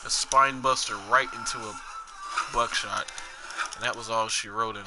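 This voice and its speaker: A man's voice: mid-range voice, steady tone, normal speed, background noise. A young man doing casual gameplay commentary, rambling and joking at his own expense. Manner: rambling, joking, self-mocking.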